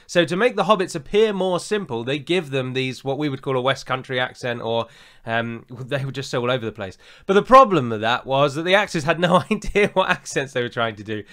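A podcast co-host from England with a standard southern English accent, this man speaks in a mid-range voice that is brisk, expressive and fairly bright. He chats casually and gives opinionated reviews, dropping in plenty of fillers.

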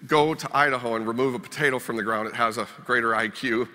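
A man's voice: mid-range voice, fast, bright, forceful tone. A man from Minnesota giving a storytelling keynote speech with wry, self-deprecating humor. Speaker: keynote speaker. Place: conference hall. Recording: reverberant conference hall.

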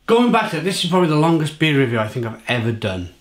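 A man's voice: a little high, big pitch swings, fast. Sweary British man ranting. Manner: sweary, rambling, repeats himself. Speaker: beer reviewer and pub manager. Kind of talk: angry rant to camera.

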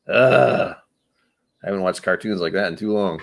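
A man's voice: low-pitched, moderate pace, vocal fry. A man hosting a casual livestream, a bit tipsy from whiskey, rambling with loose, self-mocking jokey asides. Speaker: livestream host.

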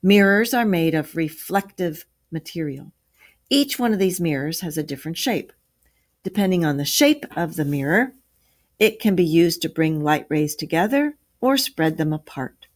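A woman's voice: deep voice, expressive, normal speed. A woman voicing a patient old grandfather who explains science to the children in a storybook reading. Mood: explaining. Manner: lecturing, explanatory.

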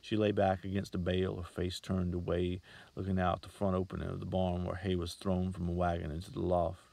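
A man reading a short story aloud as an audiobook, in a measured, steady manner. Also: low-pitched, gravelly, no echo. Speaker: narrator.

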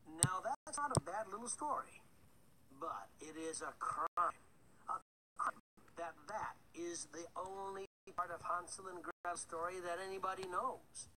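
A man narrating a dark fairy tale audiobook in a wry, conspiratorial manner, addressing the listener. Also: sits high, unhurried. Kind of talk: scripted storybook narration. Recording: loud background noise with clicks.

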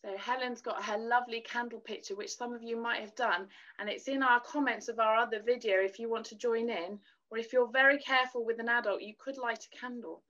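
A woman leading a gentle children's worship lesson, teaching in a soothing sing-song voice and singing simple lines for children to repeat. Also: fairly high pitch, steady tone, a little fast, hardly any pauses. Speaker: children's church leader. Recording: dull lo-fi recording.

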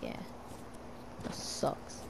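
A woman's voice: very slow, a little hiss or hum. A woman streaming a shooter game in casual commentary, yelping and exclaiming as she plays at home. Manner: excitable, yelps and exclaims mid-game. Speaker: gamer streamer. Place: home room.

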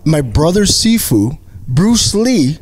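A man's voice: on the high side, slow, husky, no echo. A man guest telling wild stories in casual chat, acting out quotes and laughing often. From Canada. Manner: animated, acts out quotes, laughs a lot. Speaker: comedian guest. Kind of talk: casual storytelling.

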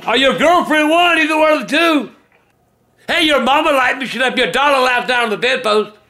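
An older man who yells and curses at a video game he is playing, ranting in angry outbursts. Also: very high voice, brisk, roomy sound. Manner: cursing, yelling and ranting.

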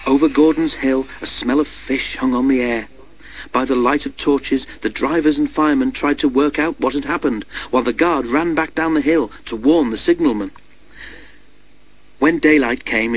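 A man narrating a children's storybook in a steady, measured way and doing the character voices. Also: medium pitch. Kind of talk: storybook read-aloud. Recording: noisy recording.

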